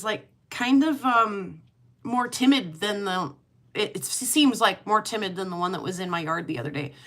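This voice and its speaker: Middle-aged woman host with a slightly high voice, chatting in a loose, giggly way. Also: a bit bright. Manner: chatty and rambling, laughs often. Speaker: livestream host. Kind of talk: casual chat.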